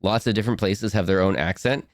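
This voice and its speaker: A young man, a streamer rambling casually to his chat, self-mocking and quick to laugh. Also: on the low side, dry recording, clean studio sound.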